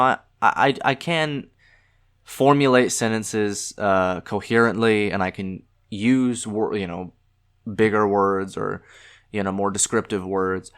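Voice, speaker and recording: A young man with a Southern US accent and a nasal voice, hosting a solo podcast, halting with many fillers and restarts. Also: on the low side, a bit bright, clear, resonant tone. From American South. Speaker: podcast host.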